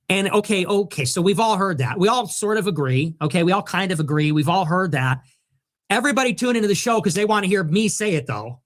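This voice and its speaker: A man's voice: animated, a little fast. Sarcastic man mocking on a stream. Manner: sarcastic and mocking, jumps into high mimicking voices. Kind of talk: live-stream monologue.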